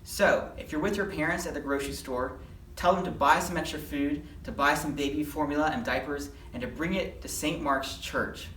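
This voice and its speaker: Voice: medium pitch, normal speed, slight background noise. Storyteller in an echoey room, heard from afar. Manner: lively, acts out the story's voices. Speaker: children's Bible lesson leader. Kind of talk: storytelling to children. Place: church. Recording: echoey room, mic at a distance.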